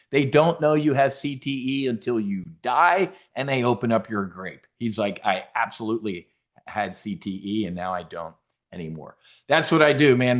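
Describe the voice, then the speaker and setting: A man hosting a trading seminar in a brash, casual way, cracking jokes, swearing, and stumbling over restarts as he talks. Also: mid-range voice. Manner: brash, animated, swearing, jokey asides. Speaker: options trading host.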